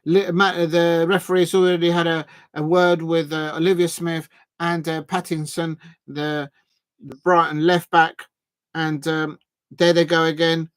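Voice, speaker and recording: A man's voice: a little high, flat delivery, unhurried, smooth, dry recording. A man hosting a live fan watch-along, commentating casually with many fillers and restarts and chatting with viewers. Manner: chatty, reads out and thanks viewers. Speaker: fan stream host.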